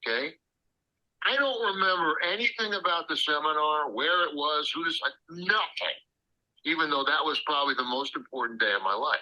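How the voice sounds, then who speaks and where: Guy spinning a story in an interview, acts out the quotes, sharp bright tone, kinda muffled audio. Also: a little high, moderate pace. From Illinois. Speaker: guest.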